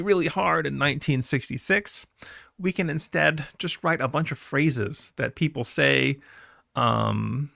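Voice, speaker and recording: A man's voice: medium pitch, gravelly, pushed and bright, dry recording, clean studio sound. A man teaching a class in a recorded lecture, talking conversationally with fillers and asides.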